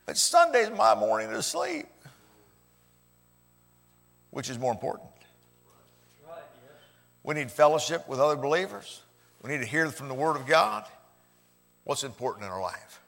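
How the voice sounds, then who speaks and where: A man preaching a sermon as pastor, swelling loud for emphasis and then dropping low. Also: big pitch swings, unhurried, vocal fry, pauses often. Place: church. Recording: echoey church hall.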